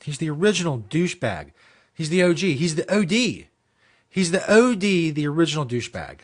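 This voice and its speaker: A man's voice: on the high side, big pitch swings, fairly quick. Profane ranting male comedy host. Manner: ranting, heavy swearing, mocking.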